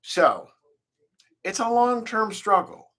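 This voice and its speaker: A man's voice: high-pitched, very animated, slow, bright, forceful tone. A man hosting his own podcast, giving reflective, folksy advice in a solo monologue. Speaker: podcast host.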